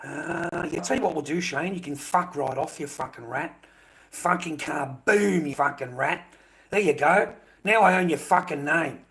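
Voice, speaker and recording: A man's voice: on the high side, moderate pace, vocal fry, fairly bright tone, husky. An Australian man with an Australian accent, ranting aggressively and profanely at his live-stream chat.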